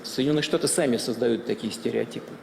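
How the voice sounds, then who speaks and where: A man making an official public statement, asking measured rhetorical questions, in an echoey hall. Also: medium pitch, vocal fry, slight background noise. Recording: echoey hall with faint ambience.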